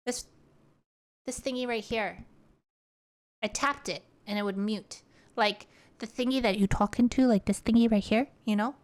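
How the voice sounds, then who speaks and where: A woman streamer chats casually and playfully close to a studio mic, her voice on the high side at a moderate pace with frequent pauses. She rambles and keeps restarting her sentences.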